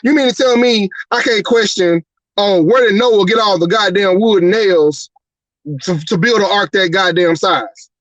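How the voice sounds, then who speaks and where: A man with a raised, high-set voice delivers a heated rant as host of a live talk show. He is profane and fired up, and keeps hammering rhetorical questions. The sound is dry and close. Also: moderate pace, a bit bright, no echo, highs cut off.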